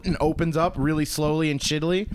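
Male gaming podcast co-host, dry deadpan delivery, casual and profane. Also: fairly high pitch, quick pace, noisy background. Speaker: podcast co-host, the games expert.

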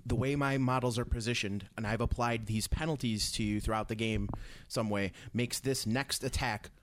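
A man's voice: mid-range voice, fairly even intonation, moderate pace, a little hiss or hum. A man explaining game design in a casual chat with a co-host, talking it through with frequent restarts. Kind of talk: casual chat about tabletop games.

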